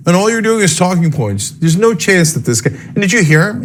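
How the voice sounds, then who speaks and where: A man's voice: sits high, animated, quick pace, hardly any pauses. A man giving opinionated political commentary, emphatic and sarcastic. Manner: emphatic, sarcastic, mimics people.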